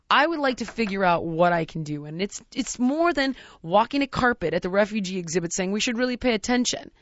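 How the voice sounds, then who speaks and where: A woman's voice: mid-range voice, fairly bright tone, no echo, dull audio. A woman in candid casual chat who talks in an earnest, searching way, full of restarts and "like".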